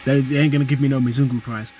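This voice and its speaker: A man's voice: medium pitch, level tone, very fast, warm tone, slight background noise. A young man from the UK and Nigeria, talking casually and animatedly to camera in street slang. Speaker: vlogger. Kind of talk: casual vlog monologue.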